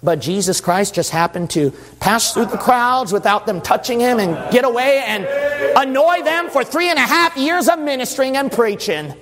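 A male preacher gives an impassioned sermon in a church hall. He tells the story dramatically in a very high, lively voice. Every phrase rings out in a long hall reverb. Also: moderate pace. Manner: dramatic storytelling, rising into shouting.

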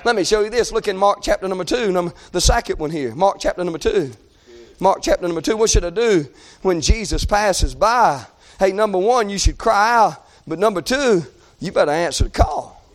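A man preaching a sermon with fervent delivery, moving between shouted exhortation and hushed scripture reading. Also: high-pitched, expressive, brisk.

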